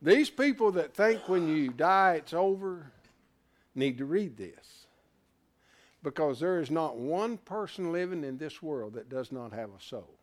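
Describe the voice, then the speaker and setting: A man's voice: on the high side, expressive, measured pace. A man teaching scripture to a class in a folksy, interactive sermon style, asking questions and joking along the way. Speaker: Bible study teacher.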